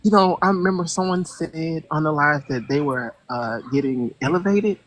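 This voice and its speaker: A caller on a call-in show who talks casually and hesitantly, with many fillers, searching for words and growing animated when incredulous. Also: mid-range voice, normal speed, slight background noise.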